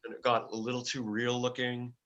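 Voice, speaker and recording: An older man, a guest musician, telling stories in a casual interview, halting and full of fillers and restarts. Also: mid-range voice, monotone, a bit bright, highs cut off.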